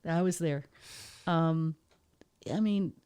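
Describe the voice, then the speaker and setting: A woman's voice: low voice, slow, dark tone, clear, resonant tone. A woman, a musician, guest on a podcast, speaking casually and hesitantly with many fillers. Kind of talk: casual chat.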